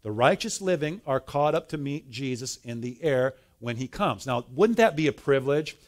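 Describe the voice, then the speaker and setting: A man's voice: medium pitch, moderate pace. A man preaching a sermon at a church conference, telling stories and asking the congregation to call out answers. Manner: animated storyteller, asks the crowd questions. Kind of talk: sermon with audience call-and-response.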